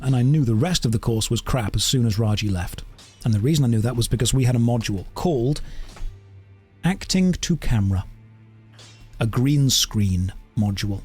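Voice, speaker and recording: A man streaming a game and chatting casually, wandering through anecdotes and tangents in an animated way. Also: mid-range voice, breathy edge. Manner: animated storytelling. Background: faint game music.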